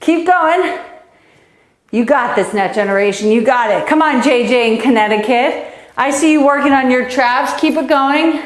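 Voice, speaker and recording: A woman's voice: on the high side, normal speed. A woman coaching kids through a live online tennis lesson, out of breath and encouraging them while she hits and counts. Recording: echoey room.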